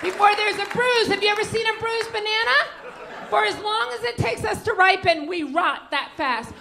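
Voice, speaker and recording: Woman stand-up, high and brassy, teasing the front row, live club recording with noise. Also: normal speed, gravelly, a crowd in the background. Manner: brassy, teasing audience members. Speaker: stand-up comedian. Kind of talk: stand-up comedy set. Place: comedy club stage with audience.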